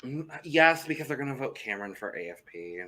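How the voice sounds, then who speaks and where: A man's voice: medium pitch, sing-song, brisk, sharp tone. A young man co-hosting a podcast in casual chat, talking loosely, with some swearing and repeated words. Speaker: podcast co-host.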